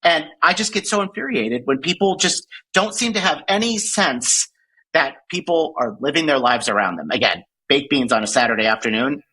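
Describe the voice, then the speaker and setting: Husky, animated woman podcast host. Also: rumbling low, normal speed, rough recording. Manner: animated, profane ranting with frequent laughs. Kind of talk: casual chat.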